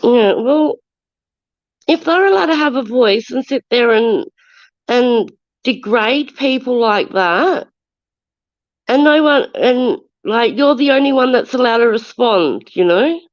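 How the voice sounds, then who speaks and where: A woman's voice: a little high, lively intonation, takes it slowly, dry recording. An Australian woman in her forties with a stuffy nose from a cold, ranting defensively on a casual live stream and greeting viewers as she goes. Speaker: livestreamer. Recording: dull lo-fi stream audio.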